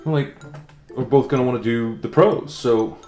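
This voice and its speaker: A man playing an excitable, easily impressed movie fan who swears gleefully in a comedy sketch. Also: mid-range voice, normal speed, roomy sound, soft background music, natural voice. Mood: excited. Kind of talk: comedic self-debate sketch.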